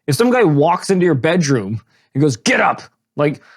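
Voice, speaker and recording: A man's voice: a little high, normal speed. A man co-hosting a podcast, rambling and joking in casual chat. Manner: rambling, jokey, animated. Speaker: podcast co-host.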